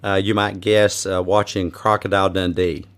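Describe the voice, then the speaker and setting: A man's voice: deep voice, flat delivery, normal speed, fairly bright tone. A man hosting a podcast interview, upbeat and eager with playful banter. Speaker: podcast host.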